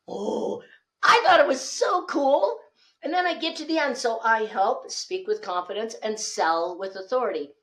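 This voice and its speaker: Fairly high-voiced woman, speaking coach on a podcast, animated, plays out the dialogue in her stories. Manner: animated storyteller, acts out quoted dialogue. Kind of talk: lively podcast conversation.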